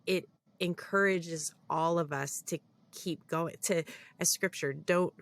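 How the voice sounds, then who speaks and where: A woman's voice: lowish voice, fairly even intonation, slow. A woman co-hosting a faith podcast, talking in an encouraging, reflective way. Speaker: podcast co-host. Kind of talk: casual faith podcast chat.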